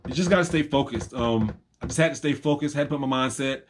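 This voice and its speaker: A man talking to camera in a rambling personal vlog, reflective and halting, with many pauses and restarts. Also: mid-range voice, slight background noise. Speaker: vlogger and reseller.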